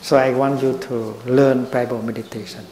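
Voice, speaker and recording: An older man giving a slow, gentle dharma talk as a Buddhist teacher. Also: medium pitch, steady tone. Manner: slow and gentle, with long pauses. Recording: roomy echo.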